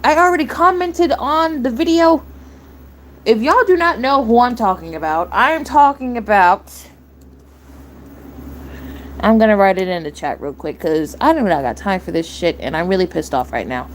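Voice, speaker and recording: A woman's voice: fairly high pitch, animated, moderate pace, slight background noise. A young woman streamer ranting, heated and blunt, swearing and repeating herself. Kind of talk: angry rant on a live stream.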